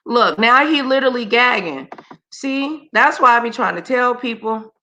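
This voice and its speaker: Bright, emphatic woman livestream host. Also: on the high side, expressive, normal speed. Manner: emphatic, slangy, talks straight to her viewers. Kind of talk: casual reaction commentary.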